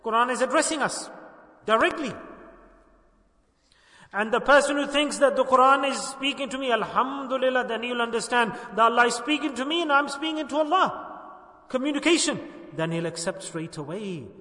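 A man's voice: extremely high pitch, normal speed, sharp tone. Man preaching in an echoey mosque. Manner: impassioned, pleading, repetitive exhortation. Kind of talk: sermon. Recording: distant echoey hall recording.

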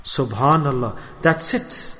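A man preaching a sermon, telling a story with animated swings between loud exclamations and hushed asides. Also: mid-range voice, takes it slowly. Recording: long hall reverb.

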